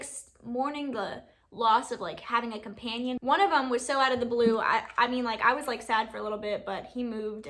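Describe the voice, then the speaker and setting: Bright-voiced chatty young woman. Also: on the high side. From Alabama, US. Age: 20s. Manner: chatty, rambling, laughs often. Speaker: beauty YouTuber. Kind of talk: casual Q&A vlog.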